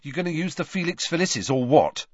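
A man voicing a grumpy, laid-back teenage schoolboy in a storybook reading, grumbling and drawn-out. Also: fairly high pitch, animated, no echo, voice pushed up. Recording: dull lo-fi recording.

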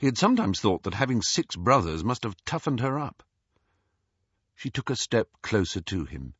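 A man reading an audiobook as narrator, in a measured storytelling way. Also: lowish voice, wildly swooping pitch, a bit bright, husky, dry recording. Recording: dull, slightly muffled dry audio.

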